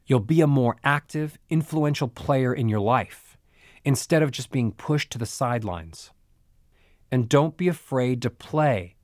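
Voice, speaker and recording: A man's voice: mid-range voice, no room sound, clean studio sound. A man teaching voice technique in an audio lesson, telling a story in an earnest, motivational way. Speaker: voice coach.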